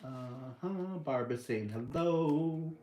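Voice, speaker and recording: Hosting a relaxed livestream, a man with an American accent welcomes viewers by name and reads out their comments. He speaks slowly at medium pitch, a little mellow, in an echoey room with slight background noise.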